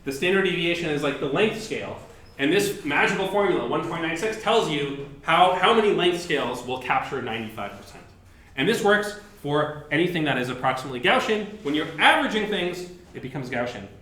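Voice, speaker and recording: A man's voice: on the high side, lively intonation, a little fast, a bit bright. A man who is a professor gives a university lecture in a casual, chatty way, with lots of fillers and restarts. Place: lecture hall. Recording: echoey lecture room.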